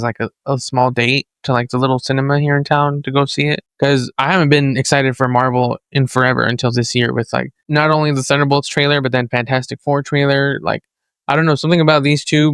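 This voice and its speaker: Chill joking podcast guy, smooth voice, dry close sound. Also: mid-range voice, fairly even intonation, fast, a bit bright, no echo. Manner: laid-back, joking, slangy. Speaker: podcast co-host. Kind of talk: casual chat.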